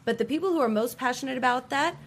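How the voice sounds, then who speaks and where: A woman's voice: sits high, fast talker. A woman in casual chat, talking animatedly with many fillers and restarts.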